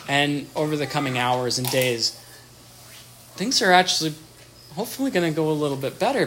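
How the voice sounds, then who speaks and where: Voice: medium pitch, slight background noise. A therapist giving casual advice, talking animatedly, often restarting words and acting out bits of dialogue. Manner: animated, acts out little dialogues in changing voices.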